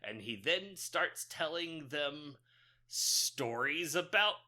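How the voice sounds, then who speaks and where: A man's voice: on the high side, animated, slow pace, sharp tone. A man co-hosting a podcast, casually recapping a movie plot in a rambling way with loose fillers and frequent chuckles. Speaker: podcast co-host.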